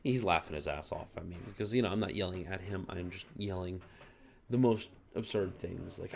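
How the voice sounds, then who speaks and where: A man's voice: sits low, normal speed, vocal fry, slight background noise. A man telling a heated, profane story about a rude customer in a casual vlog, still angry about it. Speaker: gaming channel host.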